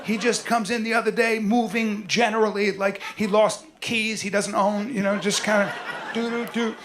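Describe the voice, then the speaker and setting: Middle-aged guy doing stand-up, high voice, loud and cocky, crowd noise under him. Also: steady tone, normal speed. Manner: loud, swaggering, punchy delivery with frequent shouting. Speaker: stand-up comedian. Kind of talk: stand-up comedy set. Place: stage before a live audience. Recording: live show with audible audience noise.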